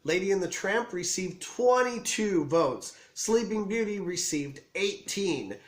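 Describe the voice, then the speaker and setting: A man with a raised, hoarse and scratchy voice, audibly getting over an illness. He hosts his own channel in a chatty, self-deprecating vlog manner. The sound bounces around an echoey room. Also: sits high, lively intonation, unhurried. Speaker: channel host. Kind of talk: casual vlog commentary.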